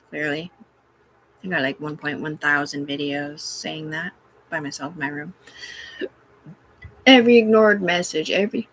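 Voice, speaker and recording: A woman's voice: sits low, fairly bright tone, husky, no echo. A woman rambling and swearing casually on a live stream from her room, talking back to her chat. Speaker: livestreamer.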